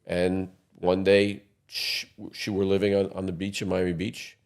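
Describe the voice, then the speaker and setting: A man's voice: deep voice, little pitch movement, a little slow, vocal fry. A man in his sixties, a podcast guest telling long rambling anecdotes in a casual interview. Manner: rambling anecdotes with quoted voices.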